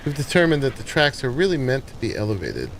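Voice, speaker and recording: Relaxed man chatting over gameplay. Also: medium pitch, fast talker, a little hiss or hum. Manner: relaxed, thinking aloud while playing. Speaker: gaming channel host. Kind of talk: casual gameplay commentary.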